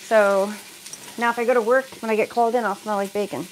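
A woman's voice: mid-range voice, fairly even intonation, fast, slight background noise, low-quality recording. A middle-aged woman from the United States chatting casually while cooking in her home kitchen, laughing often and reading out viewers' comments. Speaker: cooking livestream host.

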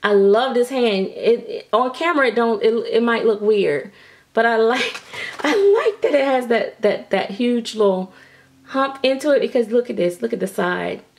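A woman reviewing doll kits in a casual vlog, gushing with frequent excited exclamations and using Southern vernacular like "y'all". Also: on the high side, moderate pace. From United States.

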